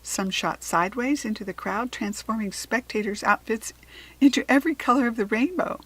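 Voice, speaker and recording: An American woman reading a children's storybook aloud in a gentle, expressive way. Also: fairly high pitch, normal speed, poor audio. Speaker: children's book reader.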